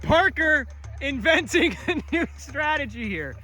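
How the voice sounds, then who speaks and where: A man's voice: extremely high pitch, big pitch swings, measured pace, pushed and bright. A man hosting a game, giving play-by-play commentary with frequent laughs. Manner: laughing often while commentating. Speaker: host.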